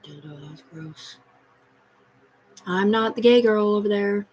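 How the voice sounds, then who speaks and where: A woman's voice: mid-range voice, a little slow, darkish tone, poor audio. Agitated, profane woman livestreaming. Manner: profane, agitated, jumps between topics. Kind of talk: rambling live-stream monologue.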